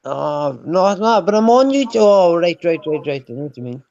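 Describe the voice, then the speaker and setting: A man's voice: fairly high pitch, expressive, fairly quick, gravelly, a little mellow, lo-fi sound. An Irish man co-hosting a casual livestream, mumbling, profane and bantering. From Ireland. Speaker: livestream co-host.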